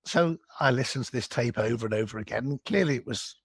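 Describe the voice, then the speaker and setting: A man's voice: mid-range voice, fast talker, creaky, husky, no echo. An English man telling stories as a guest on an interview podcast. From England. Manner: anecdotal storytelling.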